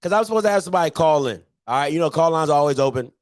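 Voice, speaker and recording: A man hosting a sports recap show, ranting in excitable, slangy trash talk and repeating himself for emphasis. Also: a little high, rapid-fire, dry recording, clean studio sound. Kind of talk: animated sports recap rant.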